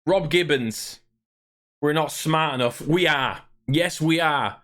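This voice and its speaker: A man rants slowly to his livestream chat, his slightly high voice carrying a fairly bright tone. The gaming rant is angry and irritated, peppered with profanity.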